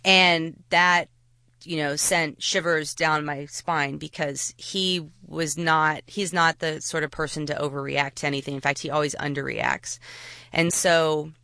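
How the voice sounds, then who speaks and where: A woman telling a personal story to an audience, halting, with frequent restarts. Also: low-pitched, sharp tone, clear, resonant tone, dry recording.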